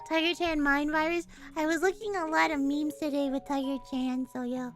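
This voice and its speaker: A woman's voice: high voice, normal speed, hardly any pauses, soft background music. A woman streamer chatting casually while reading a game aloud, playful and jokey, swearing and laughing often. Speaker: streamer and voice actor.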